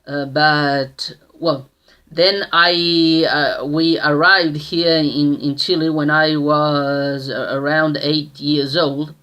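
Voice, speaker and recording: Man in his thirties, slow and halting, lots of restarts. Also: fairly high pitch, level tone, pushed and bright. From Australia. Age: 30s. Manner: slow and halting, with many restarts and tag questions. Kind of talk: casual personal storytelling.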